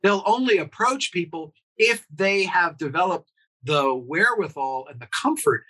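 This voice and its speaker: A man's voice: sits high, expressive, normal speed, bright, forceful tone, husky, rough recording. A man, a pediatrician guest on an interview, explaining earnestly and asking rhetorical questions.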